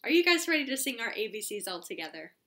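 Woman storytime host, high bright voice, slow and hammy, made for kids. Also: very animated. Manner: playful, exaggerated, with silly sound effects. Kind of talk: reading a picture book aloud to children.

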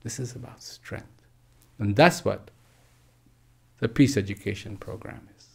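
A man telling a parable and answering questions in a measured way, pausing often. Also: fairly low pitch, gravelly, husky. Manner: slow, measured, pauses often. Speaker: speaker. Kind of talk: parable and Q&A talk. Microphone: live online stream.

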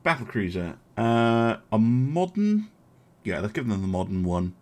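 A young man streaming a strategy game, talking his choices through out loud and replying to his chat. His low voice has a gravelly edge. His pitch swings up and down a lot as he chats, full of ums and uhs. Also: sing-song, measured pace. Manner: chatty, thinking aloud, talking to chat with many fillers. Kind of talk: casual live-stream gameplay commentary.

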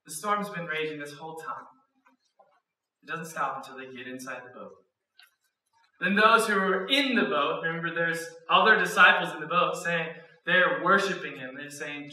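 A man, a student pastor, preaching a sermon with lively storytelling and acted-out quotes. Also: on the high side, normal speed. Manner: animated storyteller, acts out quotes, laughs often. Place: church auditorium. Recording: echoey hall, mic at a distance.

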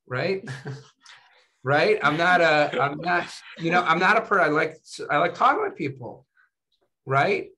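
In a casual interview, a man appearing as a physician guest speaks a little slowly, his voice leaning high. He tells lively stories and tags them with "right?" and "you know."

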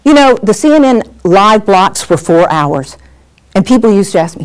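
A middle-aged woman teaching a workshop on presenting on camera, animated and acting out examples as she talks. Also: mid-range voice, moderate pace. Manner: lively, animated, acts out examples. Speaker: on-camera skills coach. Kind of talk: workshop lesson.

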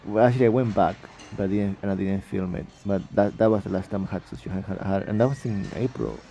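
Young male vlogger, low and mellow, gravelly, sleepy rambling delivery with frequent self-corrections. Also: fast, a little hiss or hum. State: sleepy, just woke up. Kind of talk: casual travel vlog voice-over.

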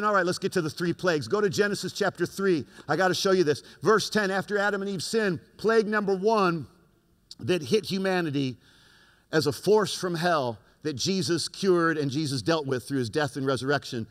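Man, pastor, emphatic repetitive sermon, high voice, long hall echo. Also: normal speed, a bit bright.

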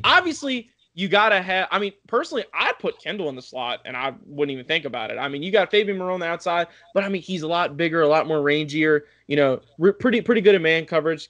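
A man's voice: a little high, a bit bright, no room sound, dull audio. A man hosting a casual sports podcast, leading the talk and weighing the team's roster. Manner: fast, analytic, leads the talk. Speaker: podcast host.

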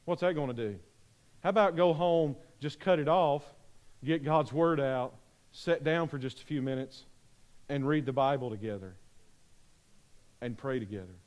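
A man's voice: mid-range voice, moderate pace, darkish tone. A man preaching an earnest, pleading sermon invitation in a church, repeating his phrases. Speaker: pastor. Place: church sanctuary.

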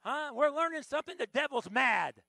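Animated American pastor with a gravelly voice. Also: male voice, very high-pitched, fairly quick. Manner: animated, joking with the congregation, sudden loud exclamations. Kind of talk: lively Palm Sunday sermon. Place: church sanctuary.

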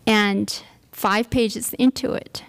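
A woman's voice: medium pitch, steady tone, slow pace, creaky, clear, resonant tone. A woman giving a workshop talk, telling a personal story with many fillers and restarts. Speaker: workshop speaker. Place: lecture room.

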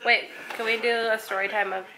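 A young woman from the United States chatting casually on her vlog, with lots of "like" and a quiet, almost whispered tone at times. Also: on the high side, flat delivery, a little fast, a crowd in the background, rough recording. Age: young adult. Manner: chatty, lots of "like", drops to a near whisper when tasting. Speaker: vlogger.

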